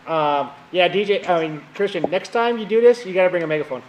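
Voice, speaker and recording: A man with a slightly high voice, arguing bluntly in a casual sports chat. He cuts in with short remarks. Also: lively intonation, fast talker, slight background noise, poor audio. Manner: blunt, argumentative, short interjections. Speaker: podcast co-host.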